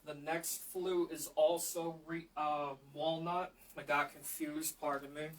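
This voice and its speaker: A man speaks slowly and unhurriedly, his voice sitting a little high and staying level, with few rises or falls. He explains his instruments to a live audience with frequent fillers. He is picked up by a camera in a community library room. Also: flat delivery, a little hiss or hum. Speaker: flute player. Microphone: camera mic in the room.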